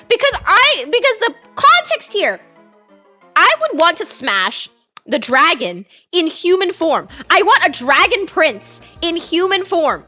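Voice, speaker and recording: A woman's voice: extremely high pitch, very animated, normal speed, sharp tone, soft background music. A young woman from Canada's west coast, streaming and chatting casually while gaming, giggly and rambling. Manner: giggly, rambling, lots of restarts and repeats.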